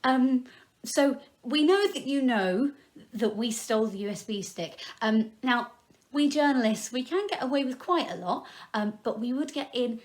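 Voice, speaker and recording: A man's voice: very high-pitched, normal speed. A man voicing nervous, guilty journalists who plead and fret.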